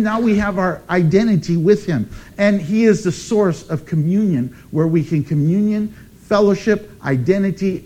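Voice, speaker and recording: A man preaching a sermon as pastor, emphatic and animated, with dramatic pauses. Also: sits high.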